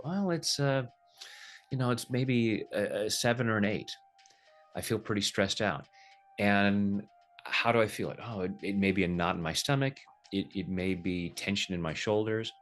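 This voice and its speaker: Low-voiced man teaching tapping. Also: moderate pace, faint music behind. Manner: relaxed, jokey, acts out little quoted voices. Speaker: tapping practitioner, guest. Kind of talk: casual teaching over video call.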